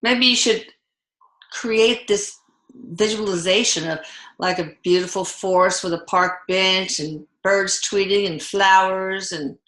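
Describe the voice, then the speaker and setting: A woman hosting the show, chatting casually and telling stories in an animated way. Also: mid-range voice, measured pace. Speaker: host. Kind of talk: casual conversation. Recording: echoey room.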